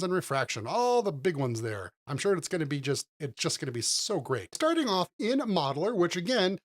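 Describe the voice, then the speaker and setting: Chatty, upbeat man walking through software. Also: sits high. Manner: enthusiastic, chatty, addresses viewers as guys. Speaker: host of a retro 3D animation channel. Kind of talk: casual screen-recorded software tutorial.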